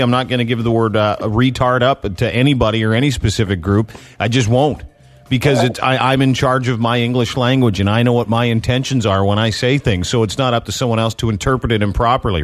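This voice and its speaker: A man's voice: medium pitch, fairly even intonation, fast. A man hosting a radio show in the studio, brash and joking, in casual banter with callers and co-hosts. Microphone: studio microphone.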